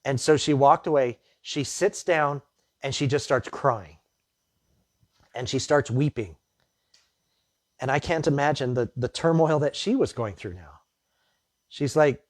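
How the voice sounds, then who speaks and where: A man's voice: medium pitch, measured pace, pauses often, no echo, studio quality. A man preaching a sermon as pastor, reading the Bible passage and then retelling the story in plain, conversational words with his own asides.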